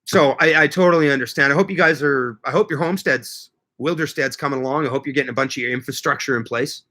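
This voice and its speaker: Guy rambling on a gardening livestream, bright voice, jokey, chatting with viewers. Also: medium pitch, quick pace. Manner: rambling, joking, reads viewer comments aloud. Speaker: livestream host. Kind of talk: casual live chat with viewers.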